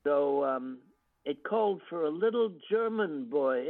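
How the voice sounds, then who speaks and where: An older American man, a guest actor, reminiscing in an interview with unhurried storytelling full of ums and restarts. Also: a little high, expressive, creaky. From United States. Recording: tinny phone-line audio.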